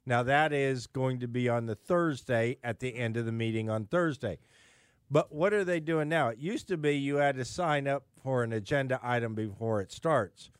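A man's voice: medium pitch, moderate pace, smooth, no echo, clean studio sound. A man appearing as a guest on a talk radio show, speaking emphatically and indignantly, with frequent restarts.

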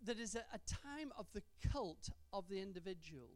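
A woman preaching a sermon in a church, stretching out key words for emphasis and adding gentle humour. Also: mid-range voice, lively intonation, moderate pace.

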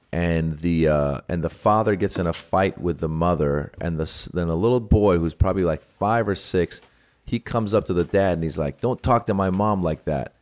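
A man's voice: low voice, darkish tone. A middle-aged man in casual chat, telling a family story and acting out the quotes with animation.

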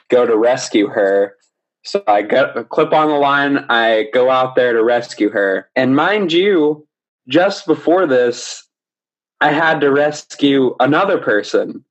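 A young man tells a story in a relaxed, animated way, his voice sitting at an ordinary middle pitch. He laughs often as he talks. The recording is slightly dull and lo-fi. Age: young adult. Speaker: podcast guest. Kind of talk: casual storytelling.

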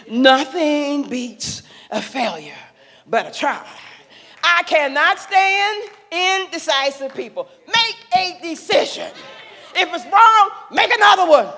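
Older lady preaching wisdom to young folks, voice swoops all over, loud bits, echoey hall. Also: high voice, animated, takes it slowly. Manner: preacherly, rising to loud emphatic calls. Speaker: speaker sharing a mother's wisdom. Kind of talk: impassioned speech to young adults. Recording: long echo of a large hall.

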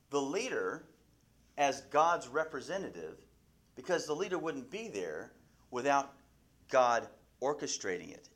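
A man teaching a Bible class, asking his listeners questions and often restarting his sentences. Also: medium pitch.

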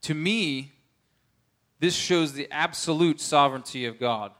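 A man's voice: a little high, a little slow, fairly bright tone. Earnest man preaching a sermon. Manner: earnest, checks in with listeners often. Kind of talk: conversational sermon.

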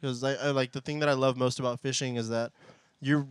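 Guy thinking out loud, lots of likes and ums, clean clear voice. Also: medium pitch, steady tone, brisk, no room sound. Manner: hesitant, many fillers, musing. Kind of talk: casual podcast chat.

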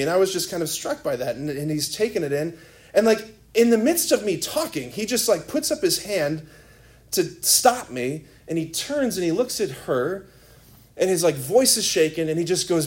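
A man's voice: fairly high pitch, big pitch swings, normal speed, darkish tone. A man preaching a sermon as a priest, telling a story in a casual, rambling way full of "like" and "right?". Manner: conversational storytelling, filler-heavy. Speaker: Catholic priest.

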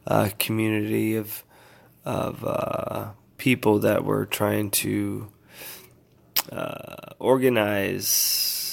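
Gravelly laid-back man rambling. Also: lowish voice. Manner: laid-back, meandering, filler-heavy. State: tired, yawning. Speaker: vlogger. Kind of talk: casual rambling update.

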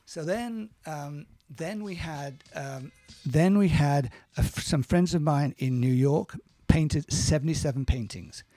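A man talking in a casual interview, telling stories in a halting, self-correcting way and acting out the quotes. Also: fairly high pitch, dark tone, dry recording, faint music behind. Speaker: interview guest, musician and producer. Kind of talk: casual storytelling in conversation.

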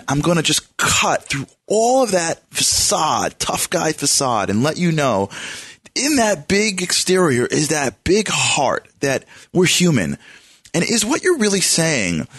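Animated male host, lively pitch. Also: moderate pace, breathy edge, no room sound, studio quality. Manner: animated and searching, tells anecdotes. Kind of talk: conversational interview.

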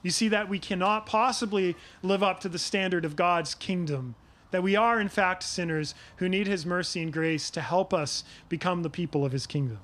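A middle-aged man preaching a sermon, earnest and measured, asking his listeners rhetorical questions. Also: sits high, fairly bright tone. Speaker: pastor.

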